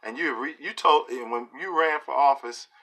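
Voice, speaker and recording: A middle-aged man giving an opinion monologue to camera, emphatic and preachy, often pausing to ask "okay?". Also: medium pitch, a bit bright. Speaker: video blogger.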